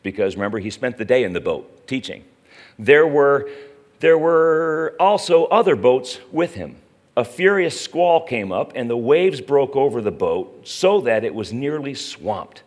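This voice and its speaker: A man's voice: mid-range voice, sing-song, a little slow. A middle-aged man preaching a sermon in a conversational way, often asking the listeners questions. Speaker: pastor.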